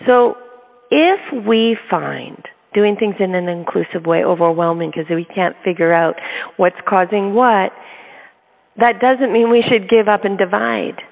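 A middle-aged woman who is an autism advocate and parent shares personal stories in an earnest, chatty way, often laughing mid-sentence. Her medium-pitched voice is unhurried with vocal fry, and the recording sounds tinny and phone-like with long reverb.

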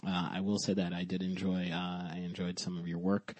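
A man hosting a podcast remotely, talking in a monotone, cursing casually and rambling with lots of fillers. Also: low voice, brisk, no room sound. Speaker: podcast host.

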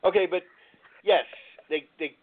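A man's voice: sits high, steady tone, a little slow. A man hosting a recovery talk radio show, telling a story in a rambling way and searching aloud for words, heard over a tinny phone-like line. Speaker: radio host.

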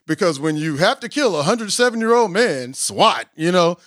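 A man hosting a podcast in a casual, animated way, mocking himself as he tries to rap and then explaining with preacherly emphasis. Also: high-pitched, moderate pace, dry recording, studio quality. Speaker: podcast host. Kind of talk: casual podcast intro with attempts at rapping.

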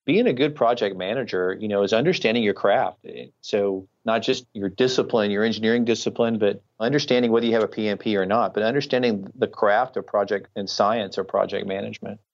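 A man's voice: on the low side, a little fast, hardly any pauses, highs cut off. A middle-aged man, a retired military officer, earnestly explaining ideas with examples as a podcast guest. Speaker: guest, retired Air Force colonel. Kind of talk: podcast interview answers.

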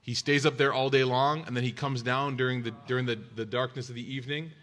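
A man at a middle pitch tells a religious story in a relaxed, chatty way. He fills his sentences with casual asides as he goes. He speaks from home. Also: fast. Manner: conversational, loose, lots of "you know" and "like". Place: at home with his child nearby.

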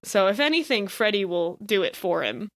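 A woman hosting a podcast in casual group chat, excitable, laughing often and swearing casually. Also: medium pitch, normal speed. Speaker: podcast host.

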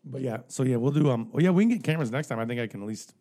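A middle-aged man with a warm, mid-range voice tells stories in a casual chat with friends. He rambles, swears freely and laughs at his own jokes.

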